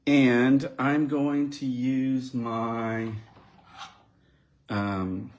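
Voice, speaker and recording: A man's voice: mid-range voice, fairly even intonation, very slow, darkish tone, muffled recording. A man giving a live card-making demonstration, chatting and thinking aloud as he works and talking directly to his viewers. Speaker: crafting demonstrator.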